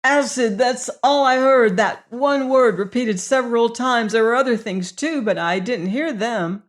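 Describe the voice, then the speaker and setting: A woman's voice: mid-range voice, slow, lightly acted. A woman reading an audiobook, voicing a hysterical male prisoner who shrieks and gasps out repeated cries. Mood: shaken.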